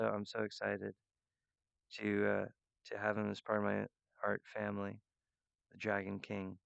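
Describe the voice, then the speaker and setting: A man rambling earnestly and emotionally to his viewers, halting often with restarts and fillers. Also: lowish voice, creaky, clear, resonant tone, no room sound, muffled recording. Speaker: artist addressing viewers. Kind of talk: rambling direct-to-camera monologue.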